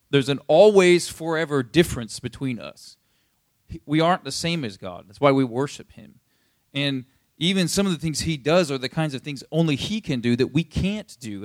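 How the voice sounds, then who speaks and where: In studio-quality audio without echo, a pastor with a mid-range voice gives a loose, conversational sermon, repeatedly asking listeners "you see what I'm saying?"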